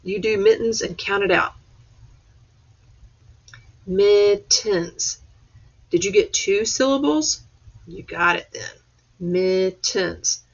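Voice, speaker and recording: A woman teacher talks slowly and patiently through a remote lesson, her lowish voice husky and gravelly. The webcam audio is dull and lo-fi. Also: animated. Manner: slow, patient step-by-step instruction.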